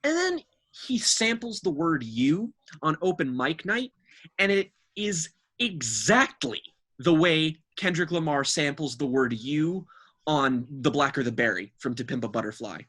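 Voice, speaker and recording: A husky-voiced podcast co-host tears into an album in an exasperated, profanity-laced rant. The pitch leaps and dips all over as the complaints pile up. It is cutting and incredulous throughout, a review delivered as a tirade. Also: fairly bright tone.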